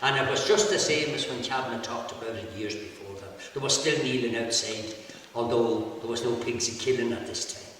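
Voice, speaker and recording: A man's voice: medium pitch, a little fast, fairly bright tone. An Irish man telling a local folk story in a chatty way, dotted with repeated "he said" tags. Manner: chatty, with frequent "he said" tags and laughter. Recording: echoey hall, mic far off, faint hiss.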